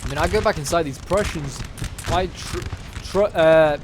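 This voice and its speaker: Guy narrating a war game battle, bit high voice, chatty and wry, noisy background hum. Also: moderate pace. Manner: chatty play-by-play, wry asides. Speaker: gameplay commentator. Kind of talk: strategy game battle commentary.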